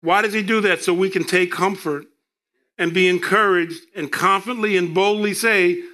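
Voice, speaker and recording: A male preacher delivering a sermon, reading scripture with emphatic, drawn-out delivery and joking asides. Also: sits high, fairly even intonation, sharp tone.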